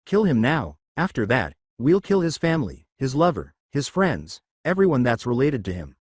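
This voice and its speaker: A man's voice: medium pitch, wildly swooping pitch, normal speed, breathy edge, no echo, studio quality. A man voicing a cruel street gang leader barking orders in a fan story. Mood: commanding.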